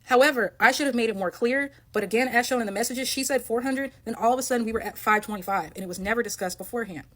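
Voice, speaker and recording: A woman talks through her side of a falling-out for a storytime vlog, reading message screenshots aloud one by one. She speaks quickly in a slightly high voice. Her tone is emphatic and defensive as she stresses each point. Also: fairly bright tone. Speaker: content creator telling her side of a story.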